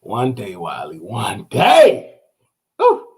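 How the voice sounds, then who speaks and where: A man hosting a casual live stream, excitable and chatty, breaking into shrieks and repeated exclamations as he talks to viewers. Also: lowish voice, takes it slowly. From Texas. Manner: chatty, addresses viewers directly.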